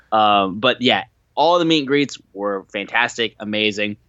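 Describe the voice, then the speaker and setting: A young man co-hosting a podcast, telling stories in a casual, animated way and acting out what others said. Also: on the low side, brisk, hardly any pauses, dry recording, dull audio. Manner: animated, acts out quoted voices, swears casually. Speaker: podcast co-host.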